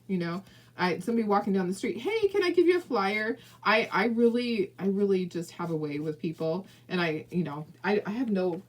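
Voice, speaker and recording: A woman's voice: mid-range voice, low-quality recording. A woman from southern California hosting a casual crafting livestream, chatty and encouraging, talking straight to viewers and laughing often. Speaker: craft video host.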